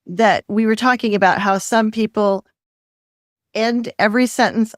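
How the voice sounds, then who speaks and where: A woman hosting a podcast interview, engaged and enthusiastic, with quick reactions. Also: mid-range voice, steady tone, dry recording, clean studio sound. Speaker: podcast host. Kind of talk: conversational interview.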